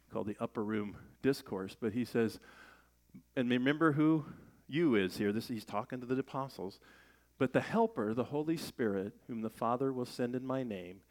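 A man's voice: lowish voice, a little mellow. A middle-aged man preaching a sermon in a conversational way, asking rhetorical questions and raising his voice for emphasis. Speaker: pastor.

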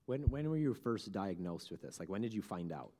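A man, a pastor, interviewing a church staff member in a conversational, halting way with repeated words. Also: low voice, big pitch swings, mellow, big-room sound. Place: church room.

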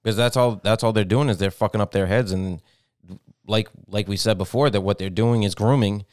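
A man with a low, smooth voice co-hosting a casual political podcast. He is blunt and profane and reads headlines aloud between comments. The sound is dry and close. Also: fairly even intonation, a little fast, a little mellow, dry recording. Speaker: podcast co-host.

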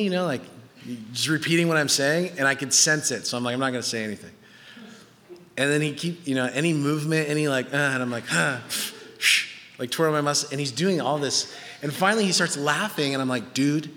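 A man in his thirties preaching a sermon in a lively, joking way, his voice jumping up high whenever he quotes someone. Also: long reverb tail. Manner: animated and joking, pitch jumping up when quoting. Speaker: pastor.

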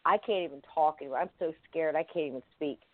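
A guest in an interview tells a first-person story in a halting, vivid way, full of restarts and fillers. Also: mid-range voice, no echo. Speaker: guest recounting an experience. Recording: tinny phone-line sound, dry.

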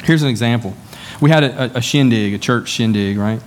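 A man preaching a sermon to his congregation in a mid-pitched, easygoing voice. He talks like he is chatting, tells folksy stories and acts out the people in them. A faint hiss of noise sits under the recording. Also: brisk. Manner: conversational, folksy storytelling with acted-out dialogue. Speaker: pastor. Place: church sanctuary.

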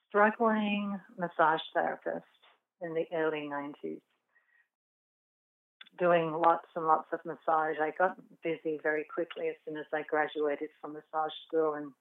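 A middle-aged woman, a podcast guest, earnestly telling a personal story. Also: low voice. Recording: tinny phone line from a distance.

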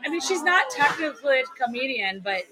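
A woman coach chatting in a restaurant, quick and wry, laughing often. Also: sits high, very animated, a crowd in the background. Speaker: girls lacrosse head coach. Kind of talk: casual interview chat. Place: busy restaurant.

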